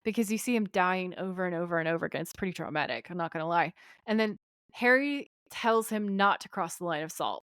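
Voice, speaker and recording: A woman's voice: on the low side, fast, clean tone, dry recording. Woman recapping a show, dry close sound. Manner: animated retelling, acting out quoted lines. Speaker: podcast co-host. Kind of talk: casual recap chat.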